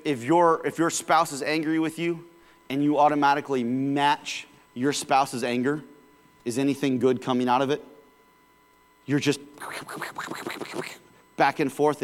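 Preaching man in a reverberant hall. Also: medium pitch. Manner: conversational preaching with sudden rises in volume. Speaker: pastor. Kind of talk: sermon.

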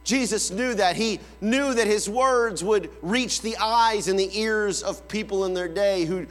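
A pastor preaching with a high voice and a slow, deliberate pace. He tells family stories and playfully imitates his kids calling out. His voice rings in a big reverberant hall over a faint mains hum. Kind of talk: sermon.

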